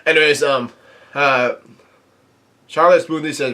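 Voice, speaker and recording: A man's voice: mid-range voice, a bit bright. A man reviewing a comic chapter, reading each character's lines aloud in his own plain voice and adding his own comments. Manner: halting reading, quotes dialogue without acting it. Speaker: manga reviewer.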